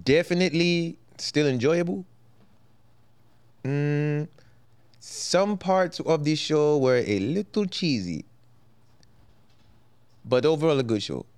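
A man co-hosting a podcast in casual chat, relaxed and thinking aloud with pauses. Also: fairly high pitch, clean tone. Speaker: podcast co-host.

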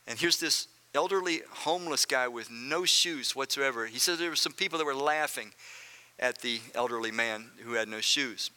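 A man's voice: medium pitch, moderate pace, bright, forceful tone, clear, resonant tone. A male pastor preaching a sermon, speaking earnestly and directly to his congregation and repeating phrases for emphasis.

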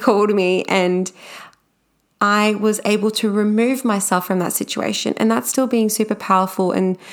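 A woman's voice: medium pitch, clean tone. A young woman speaking casually and candidly about her own experience at work, with plenty of everyday fillers. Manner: chatty and candid, with frequent fillers. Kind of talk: casual personal storytelling.

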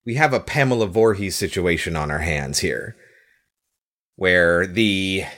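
Animated sick-voiced man reviewing movies. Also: measured pace. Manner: animated, opinionated, swings pitch when emphasizing. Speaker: podcast co-host. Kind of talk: casual movie review chat.

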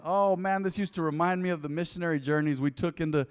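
A middle-aged man preaching a sermon in a church, telling candid stories from his own life and building to a loud, fervent prayer. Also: on the high side, fairly even intonation, quick pace, clean tone. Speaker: pastor. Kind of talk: sermon with personal testimony. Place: church sanctuary. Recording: long church hall reverb.

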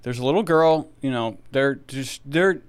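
A man in his thirties with a smooth, resonant voice talks about a movie in loose podcast chat. He swears constantly and rambles through animated stories. He keeps a mid-range pitch that is neither high nor low. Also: a little slow. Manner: profane, rambling, animated storytelling. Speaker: podcast co-host. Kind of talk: casual movie review chat.

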